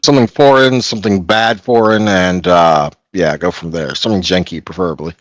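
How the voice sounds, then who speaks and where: A man's voice: sits low, brisk, no room sound. A man running a tabletop game as game master, narrating playfully and laughing often.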